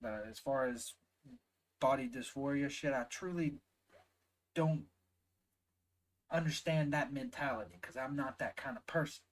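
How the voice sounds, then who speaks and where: Southern male reaction host, slow and heated, emphatic, swears freely. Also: medium pitch, low-quality recording. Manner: heated, emphatic, swears often, drawn-out stresses. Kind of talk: ranting reaction commentary.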